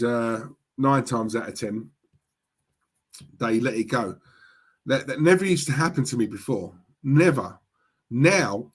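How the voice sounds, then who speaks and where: A husky young man, talking straight to his live-stream viewers in a casual, outspoken rant. He repeats himself and keeps checking in with "right?" and "yeah?", his voice sitting at a middle pitch with a grainy edge. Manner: outspoken, repetitive, tag questions.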